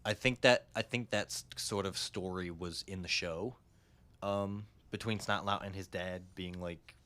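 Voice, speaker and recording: A man's voice: low-pitched, fairly even intonation, unhurried, sharp tone. A young man co-hosting a podcast, rambling enthusiastically in casual chat and swearing now and then. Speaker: podcast co-host.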